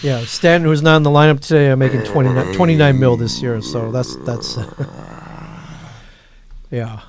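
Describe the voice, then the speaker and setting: A man co-hosting a casual sports chat, calmly reading out stats and laughing along. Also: medium pitch, a little slow, gravelly, noisy background.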